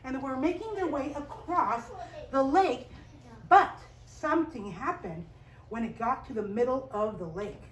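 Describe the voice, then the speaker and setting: A young woman telling a Bible story to a children's class, animated and asking the children questions. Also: high-pitched, a little slow. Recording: echoey room, voice from a distance, faint hiss. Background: children's group.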